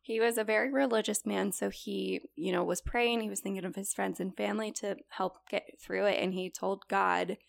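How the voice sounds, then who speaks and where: A woman's voice: mid-range voice, fairly even intonation, normal speed, vocal fry, few pauses, no echo. A young woman casually telling a true story on a podcast, chatty and full of likes and you-knows.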